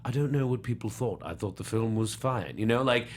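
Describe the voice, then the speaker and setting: A man's voice: mid-range voice, brisk, a little mellow, voice pushed down, lightly acted. A man putting on the voice of a wry older British actor while quoting him.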